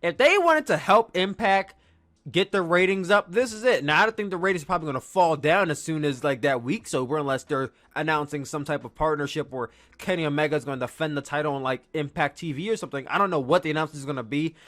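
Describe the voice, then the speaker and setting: A man hosting a podcast, recapping in a casual, excitable, rambling way and acting out quotes. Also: a little high, fast talker. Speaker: podcast host.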